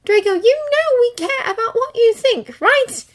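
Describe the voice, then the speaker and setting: A woman voicing a caring teenage girl witch who speaks softly and soothingly. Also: extremely high pitch, expressive, a little slow, pitched above the performer's own voice. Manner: soft and soothing.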